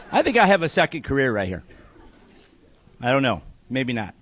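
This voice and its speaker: A man running a live charity auction, teasing the crowd and calling bids quickly. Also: mid-range voice, sing-song, fairly bright tone. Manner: joking, teasing, rapid bid calling.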